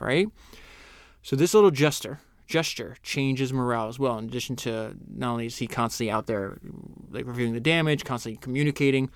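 A man hosting a podcast, reading passages from a book aloud and breaking off to comment earnestly and enthusiastically, slowing down for the key lines. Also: medium pitch, dry recording, studio quality. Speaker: podcast host.

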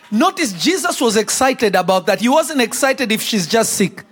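Preacher, high voice, animated shouted delivery over a responding crowd. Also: male voice, normal speed, hardly any pauses, breathy edge. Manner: preaching with shouted bursts and acted-out quotes. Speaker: pastor. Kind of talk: sermon. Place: church before a congregation. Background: congregation responding.

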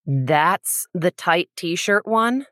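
A woman's voice: fairly low pitch, lively intonation, drawn-out words, a bit bright, no room sound, heavily acted. A woman playing a bored, sardonic female knife-thrower in an improvised tabletop role-play. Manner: dry and sardonic.

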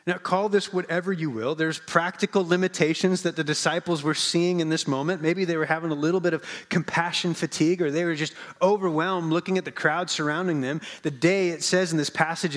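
A man preaching a sermon as pastor, in a conversational, humorous way, often asking the congregation questions. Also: on the high side.

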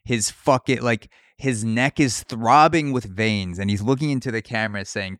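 Young male podcast host, crude riffing comic, middle pitch, dry recording. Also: normal speed, hardly any pauses, a bit bright, no room sound. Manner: crude, riffing, shifts into mock voices for bits. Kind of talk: comedic podcast rant.

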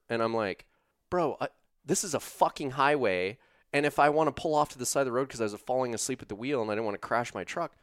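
A man telling a long story in casual conversation, animated and profane, with lots of "like". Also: medium pitch, quick pace, smooth, no echo, studio quality. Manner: profane, animated, uses "like" a lot. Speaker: storyteller guest.

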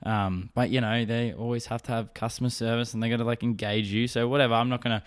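A man's voice: mid-range voice, fairly even intonation, fast, smooth. A young man hosting a podcast, telling a story in a rambling, profane, self-mocking way. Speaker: podcast host. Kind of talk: casual solo storytelling.

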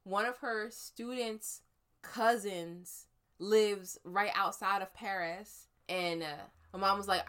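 A woman from the United States telling a story in casual chat, lively and animated, acting out the voices she quotes. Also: medium pitch, takes it slowly.

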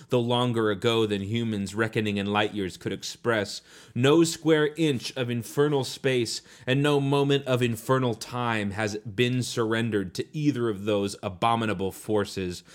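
A man's voice: on the low side, natural voice. A man reading as a scheming senior demon. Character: scheming senior male demon writing a letter. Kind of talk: reading a book passage aloud.

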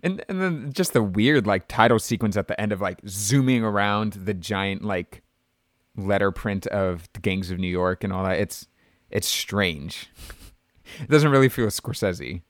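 A man's voice: on the low side, expressive, unhurried, no echo, clean studio sound. A man co-hosting a casual movie podcast, chatty and full of "like" fillers. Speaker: podcast co-host.

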